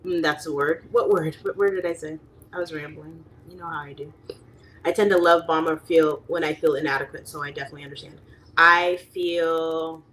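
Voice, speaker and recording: A woman's voice: low-pitched, fairly bright tone, a little hiss or hum. A young adult woman hosting a livestream, chatting casually and rambling with lots of fillers, reading chat and acting out quoted people.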